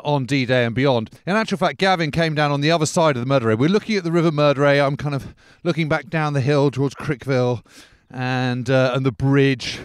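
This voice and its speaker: A man's voice: medium pitch, clear, resonant tone, dry recording, studio quality. A male podcast host giving a rambling on-location commentary outdoors, peppered with "sort of" and "kind of", while walking along a country road.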